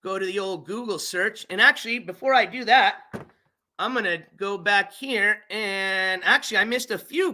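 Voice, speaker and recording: Stream host, very bright voice, casual, reads legal papers aloud, explains as they go. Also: medium pitch, normal speed. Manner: chatty, stops to explain legal wording; thanks channel members by name. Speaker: livestream host. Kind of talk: casual commentary reading court papers aloud.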